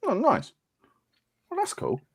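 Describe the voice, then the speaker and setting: A male podcast host who chats casually and teases his co-hosts, laughing often as he goes. His pitch swings widely and brightly through each phrase. The sound is dry and close, with no room around it. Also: wildly swooping pitch, takes it slowly, slightly rough, no echo. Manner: chatty, laughs often, teasing. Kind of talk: casual chat, reading out viewer names.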